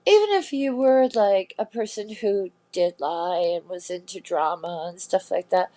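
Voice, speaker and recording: A woman's voice: mid-range voice, unhurried, mellow, rough recording. A woman hosting a casual chat, telling a story with indignation and swearing. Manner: indignant, swearing, acts out quotes. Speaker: host.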